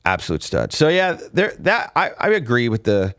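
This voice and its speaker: A man's voice: medium pitch, wildly swooping pitch, normal speed, a bit bright, no echo, clean studio sound. A man hosting a casual fight recap podcast, telling rambling backstage stories with many restarts and fillers. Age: adult with a father. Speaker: podcast host. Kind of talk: casual chat.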